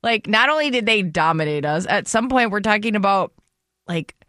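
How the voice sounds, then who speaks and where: A woman's voice: medium pitch, moderate pace, dry recording, studio quality. A woman co-hosting a radio show, telling a story in casual chat and acting out the other voices in it. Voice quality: animated, acts out voices in her stories. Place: radio studio.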